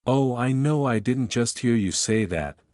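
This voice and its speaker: A man's voice: mid-range voice, animated, measured pace, darkish tone, no room sound, clean studio sound, lightly acted. A man voicing a brash, trash-talking female floating unicorn head in a read-aloud fan story. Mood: sassy.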